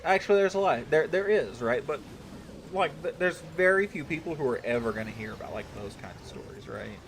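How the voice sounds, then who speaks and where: A man with a slightly high, expressive voice talks fairly quickly while hosting a gaming livestream, with slight background noise. Chatting loosely with viewers, he rambles, swears freely and keeps checking in with "right?".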